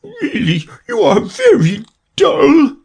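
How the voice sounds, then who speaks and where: A man voicing the Mock Turtle as a sobbing, melancholy old creature in a storybook reading, with a slow, high, tearful wail. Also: huge pitch swings, creaky, a little mellow, exaggerated voice.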